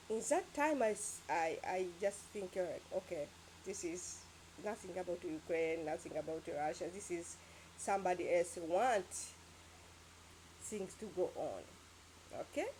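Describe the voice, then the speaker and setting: A woman's voice: mid-range voice, a little mellow, a little hiss or hum. Rambling, emphatic woman vlogger. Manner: emphatic, rambling, with sound-effect words. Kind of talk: casual opinion monologue.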